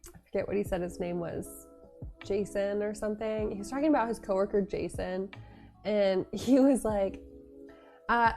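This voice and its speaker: A woman's voice: medium pitch, moderate pace, darkish tone, soft background music. A young woman telling a story in a casual vlog, giggling often and rambling with lots of fillers. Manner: rambling, many fillers and restarts. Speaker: vlogger.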